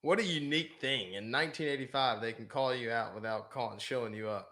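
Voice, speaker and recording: A man's voice: medium pitch, quick pace, sharp tone. A man co-hosting a podcast, joking and teasing in casual banter. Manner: joking, playful. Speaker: podcast co-host, golf pro.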